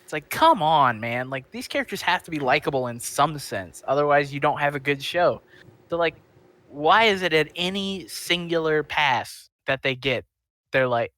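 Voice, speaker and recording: A man's voice: on the high side, expressive, normal speed, bright, forceful tone. A man co-hosting a casual talk show, talking in a loose, rambling way with many fillers. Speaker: podcast co-host.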